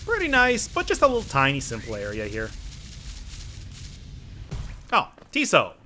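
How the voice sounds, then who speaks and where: A man's voice: medium pitch, wildly swooping pitch, unhurried, pushed and bright, slight background noise. A man giving casual, joking commentary while playing a video game, often talking back to the game's characters. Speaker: gaming let's-player.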